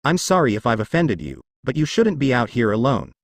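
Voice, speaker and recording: A man voicing a dark, protective teen boy. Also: medium pitch, a little fast, no echo, clean studio sound. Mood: concerned. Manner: even, blunt delivery.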